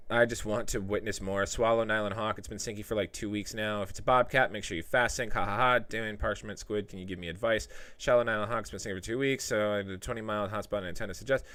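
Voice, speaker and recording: A man's voice: lowish voice, fast, pushed and bright, no room sound. A young man hosting a casual livestream, reading out viewer comments and joking with his chat. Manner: joking, loose, talks to chat by name. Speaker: livestream host.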